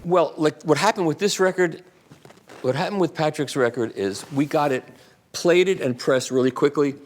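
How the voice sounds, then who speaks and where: A man's voice: a little high, normal speed. A man at a live event, answering audience questions in a rambling, chatty way. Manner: rambling, chatty, with restarts and asides. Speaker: guest speaker at a live audiophile talk.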